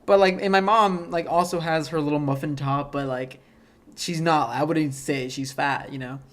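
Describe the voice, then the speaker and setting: A man's voice: on the high side, fairly even intonation, moderate pace, fairly bright tone. A young man hosting a podcast in casual chat, rambling with many fillers and frequent laughs. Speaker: podcast host.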